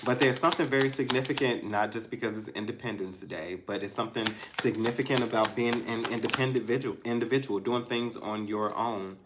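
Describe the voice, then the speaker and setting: A man's voice: mid-range voice, brisk, few pauses, heavy background noise. A man giving a casual tarot reading to his viewers, thinking aloud, restarting his sentences and talking straight to them. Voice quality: musing, stops and restarts, soft laughs. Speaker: tarot reader.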